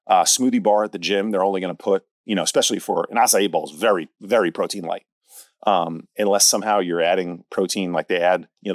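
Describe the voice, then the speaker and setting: A man's voice: fairly low pitch, no room sound, clean studio sound. A man hosting a podcast as a fitness coach, talking directly and punchily in a casual solo monologue, often checking in with "all right?".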